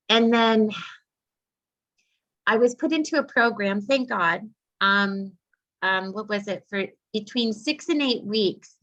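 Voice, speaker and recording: A woman of middling pitch speaks earnestly, recounting a personal ordeal in an interview with plenty of "like" and "um". Her voice comes through a slightly muffled, lo-fi recording. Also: a bit bright. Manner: earnest, heartfelt retelling with many fillers. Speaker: psychic medium guest. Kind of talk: personal story told in an interview.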